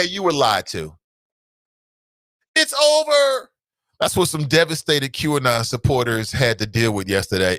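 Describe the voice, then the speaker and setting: A man hosts a casual call-in talk show with a bright, forceful voice. His pitch swings widely as he mocks and laughs, swearing freely. The sound is dry and close to the mic. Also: normal speed, dry recording. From United States. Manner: animated, mocking, laughs often, swears, reads quotes aloud.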